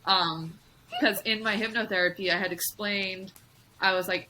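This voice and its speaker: A woman's voice: mid-range voice, fairly even intonation, moderate pace, pushed and bright, slight background noise, low-quality recording. A woman chatting as a podcast guest, frank and profane, often acting out her own inner voice. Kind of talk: casual chat.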